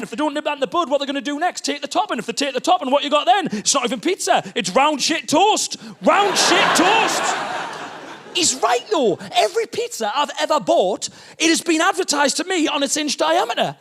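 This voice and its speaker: High-pitched bloke doing stand-up, animated, bit of faint hiss. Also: male voice. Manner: animated storytelling, exclamatory, swears freely. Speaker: stand-up comedian. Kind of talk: stand-up set. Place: comedy stage.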